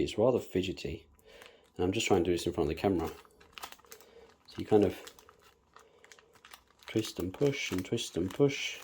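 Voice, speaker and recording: Low, mellow man chatting through a tutorial. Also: a little hiss or hum. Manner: chatty, talks to viewers while working, hums nonsense syllables. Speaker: bonsai planting demonstrator. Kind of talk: casual hands-on tutorial.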